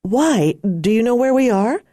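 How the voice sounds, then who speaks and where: A woman voicing an adult woman who speaks urgently but tries to stay calm in an audiobook. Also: on the high side, a little slow, no room sound, clean studio sound, voice pushed up. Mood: tense. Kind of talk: audiobook character voice.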